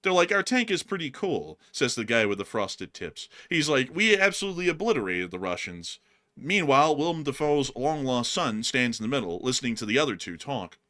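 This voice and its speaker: Brisk and medium-pitched, this co-host of a laid-back news commentary stream cracks jokes over footage from the war. He's animated and jokey, laughing and slipping into silly voices.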